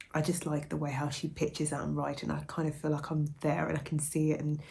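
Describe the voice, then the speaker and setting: Brief: young woman book vlogger, low flat voice, soft and musing, casual chat. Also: creaky. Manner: soft-spoken, musing, often hushed. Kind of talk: casual reading vlog.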